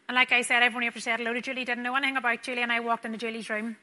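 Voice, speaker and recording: Young woman, nurse, storytelling testimony; bright, slightly high voice, softening in tender moments. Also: level tone, racing. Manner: earnest, storytelling, drops soft and quiet at tender moments. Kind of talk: personal testimony to a church audience.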